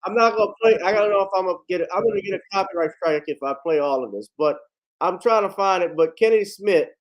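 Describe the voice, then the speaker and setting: A man with a fairly high voice hosting a livestream. He talks bluntly and indignantly, swearing freely as he comments. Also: fast, highs cut off. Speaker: livestream host. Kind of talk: heated commentary.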